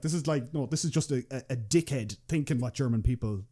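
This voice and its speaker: A podcast guest who creates machinima, this young Irish man has a medium-pitched, dark-toned voice and talks a little fast with few pauses. His casual talk rambles, with frequent restarts, fillers and unrestrained swearing.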